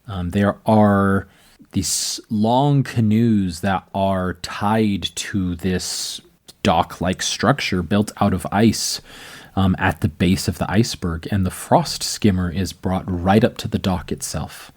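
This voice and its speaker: Game master, male, very low voice, easygoing rambling narration. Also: slow. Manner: loose, rambling narration with many fillers.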